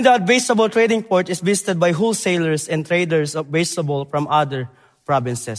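A young man from the Philippines, preaching a sermon in halting English that moves between loud emphasis and quiet, earnest moments. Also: on the high side, lively intonation. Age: young adult. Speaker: preacher, Bible college graduate. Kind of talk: church sermon and missions presentation. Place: church sanctuary. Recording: long church hall reverb.

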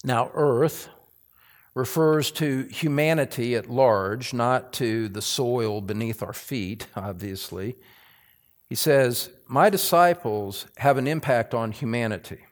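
A male pastor preaching a sermon, building to emphatic, forceful stress on key lines. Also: mid-range voice, slow pace. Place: church sanctuary.

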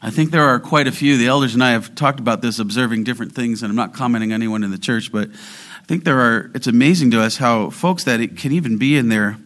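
A man preaching a sermon as pastor, moving between quiet explanation and loud, emphatic exhortation. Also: mid-range voice, fast.

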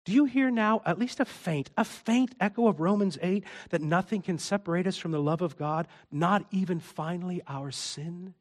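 A male pastor delivers a sermon in a church, his voice sitting a little higher than most men's. He drops into hushed, intimate stretches, then rises to loud, impassioned appeals. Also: moderate pace, hardly any pauses.

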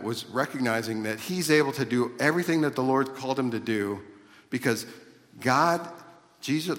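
A man's voice: mid-range voice, fairly bright tone. Earnest preacher man in a reverberant hall. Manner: earnest teaching tone, explaining Greek grammar with repeated phrases and restarts. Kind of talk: sermon.

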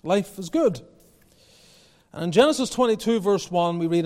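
A man's voice: high voice, expressive, normal speed, long pauses, a little mellow, in a large hall. A male pastor preaching a sermon, building with emphatic repetition and rising intensity.

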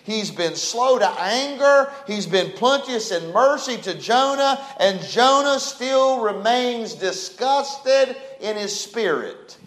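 A man's voice: extremely high pitch, animated, slow, few pauses, a bit bright, roomy sound. A man preaching a sermon in an emphatic style, reading scripture and pressing his point. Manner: emphatic, preaching with Bible verses and a short prayer.

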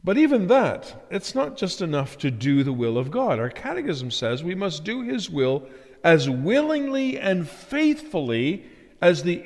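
Pastor, male, earnest sermon delivery with lively, swooping emphasis; long hall reverb. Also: fairly high pitch. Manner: earnest preaching, rising emphasis on key phrases.

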